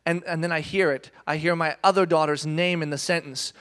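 Brief: man in his thirties, preacher, high voice, lively storyteller who jokes about himself. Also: brisk, hardly any pauses, clean tone. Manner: animated, self-mocking, addresses the audience directly. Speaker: speaker. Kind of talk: storytelling sermon.

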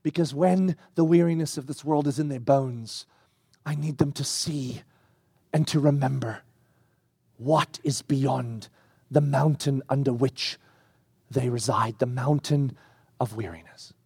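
Insistent, loving God in a sermon, as a man preaching acts him out; high and dry, declaring. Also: expressive, moderate pace, creaky, no room sound, heavily acted. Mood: urgent. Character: God, a loving, emphatic fatherly male deity.

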